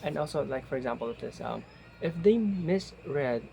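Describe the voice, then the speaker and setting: Young guy doing a class report, slow and halting, kinda gravelly. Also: medium pitch, big pitch swings, darkish tone, slight background noise, rough recording. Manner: slow, halting delivery with fillers and restarts. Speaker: student presenter.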